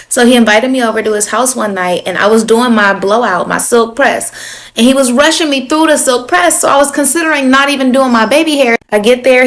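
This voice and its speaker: A young adult woman telling a dating story in a sassy, conversational way, speaking straight to her viewers. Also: fairly high pitch. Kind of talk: casual storytime.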